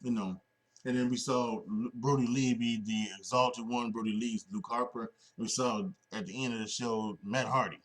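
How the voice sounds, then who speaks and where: A man hosts his own wrestling podcast, talking off the cuff with lots of fillers and false starts. He sounds a bit sleepy, and his voice sits at an ordinary middle pitch. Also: fairly even intonation, moderate pace. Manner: rambling, many restarts and fillers. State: sleepy, yawning. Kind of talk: casual solo podcast talk.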